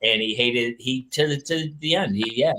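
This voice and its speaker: A middle-aged man hosting a casual chat, telling animated stories and doing his father's voice. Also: medium pitch, normal speed. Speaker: host.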